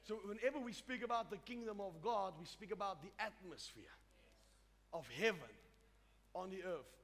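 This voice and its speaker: A man's voice: high-pitched, lively intonation, moderate pace, fairly bright tone. A man preaching a sermon, emphatic and repetitive, often restarting his phrases. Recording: reverberant hall with faint music.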